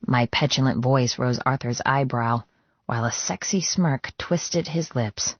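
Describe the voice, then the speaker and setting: A man narrates an audiobook in a measured, even and intimate way, taking his time. The sound is dry and close, with a muffled, lo-fi tone. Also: mid-range voice, no echo. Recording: dull, lo-fi dry studio read.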